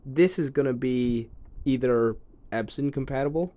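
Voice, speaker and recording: A man's voice: mid-range voice, normal speed. Casual man thinking aloud in a demo. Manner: relaxed, thinks aloud with ums and trailing asides. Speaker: tech reviewer demonstrating a device. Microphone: phone.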